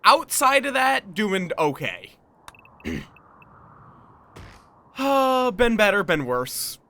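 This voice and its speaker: A man with a high, bright voice chats on a game livestream, tired and playful, slipping now and then into goofy put-on accents. His pitch swings widely and he talks slowly, with faint music running behind him. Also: big pitch swings. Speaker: streamer. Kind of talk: casual livestream chat while gaming.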